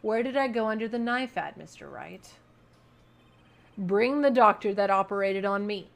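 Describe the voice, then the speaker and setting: A woman voicing a stern, arrogant older male prosecutor from a game, haughty and quietly scornful. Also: medium pitch, lively intonation, normal speed, gravelly. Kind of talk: reading game dialogue aloud.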